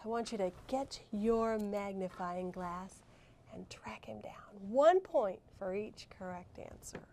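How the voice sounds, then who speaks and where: A woman teacher leading a recorded reading lesson, saying each word clearly and deliberately for young students. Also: medium pitch, noisy background. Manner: clear, slow, deliberate teacher talk with drawn-out words.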